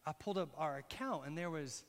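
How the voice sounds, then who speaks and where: A middle-aged man preaching a sermon in a church, telling a personal story with lively, direct asides to the congregation. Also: on the high side, a little fast. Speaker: pastor. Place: church hall. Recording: long reverb in a large hall.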